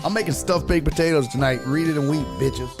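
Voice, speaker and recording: A man's voice: on the high side, fast talker, music in the background. A man hosting a live-streamed sports talk show, chatting loosely with viewers, joking and swearing. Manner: loose, profane, joking banter with chat.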